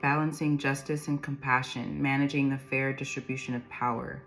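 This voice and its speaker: A woman's voice: very deep voice, little pitch movement, normal speed, fairly bright tone, soft background music. A woman giving an intuitive tarot reading, rambling through the cards, reading their meanings aloud and laughing often. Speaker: tarot reader.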